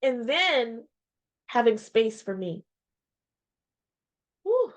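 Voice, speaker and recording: Slow, heartfelt woman talking to camera. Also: on the high side, big pitch swings, muffled recording. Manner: reflective and heartfelt, with pauses and repeated phrases. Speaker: small business owner and vlogger. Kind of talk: candid personal vlog talk. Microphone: webcam or video-call mic.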